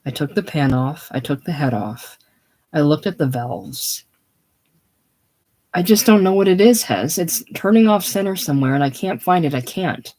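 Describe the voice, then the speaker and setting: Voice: mid-range voice, animated, a little slow, pauses often, dark tone. A reader voicing an earnest, anxious young male mechanic in a casual play reading, with strained, pleading delivery.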